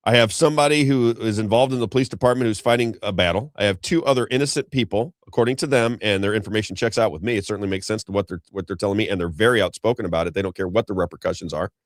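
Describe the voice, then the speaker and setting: A middle-aged man from Missouri, USA, hosts an unscripted political commentary show, rambling emphatically, repeating his points and turning again and again to his co-host. His lowish voice races along with hardly any pauses, captured in a dry, studio-quality recording.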